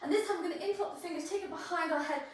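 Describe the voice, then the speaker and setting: A woman's voice: very high-pitched, racing, heavy reverb, recorded from a distance, a little hiss or hum, rough recording. A woman leading a yoga class, cueing poses and breaths in an encouraging way and getting out of breath as she goes. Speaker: yoga instructor. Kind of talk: guided yoga class instruction.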